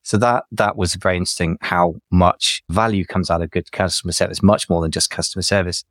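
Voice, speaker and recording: A man's voice: low-pitched, steady tone, a little fast, a bit bright, no echo, clean studio sound. A man chatting on a business podcast, giving advice in a casual, thinking-aloud way. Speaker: podcast co-host, business adviser.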